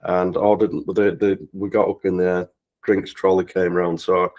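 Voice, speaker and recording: In poor audio, a man with a low, slightly mellow voice speaks at a measured pace with little pitch movement. He's a guest on a charity talkathon livestream, sharing a personal story casually, laughing through it and frequently stumbling and starting over.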